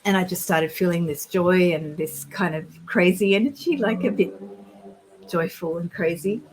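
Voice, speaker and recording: A woman telling of spiritual experiences in a casual conversation, earnest and rambling, and quick to get excited. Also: fairly low pitch, low-quality recording. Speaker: guest sharing spiritual experiences.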